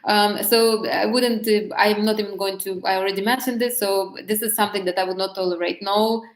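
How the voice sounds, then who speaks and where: A woman talks frankly and casually, circling back on her own words as she goes. Her voice sits in an ordinary middle pitch. The room around her carries a noticeable echo. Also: steady tone, brisk. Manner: candid and chatty, with many restarts and laughs. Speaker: vlogger giving dating advice. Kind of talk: casual talk to camera.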